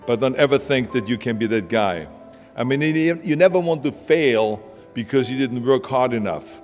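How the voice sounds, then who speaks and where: Expressive and a little mellow, this man's medium-pitched voice holds a normal speed as he gives a blunt, emphatic, plain-spoken motivational speech. He's an Austrian with an Austrian accent, recorded in a large hall with reverb and music underneath.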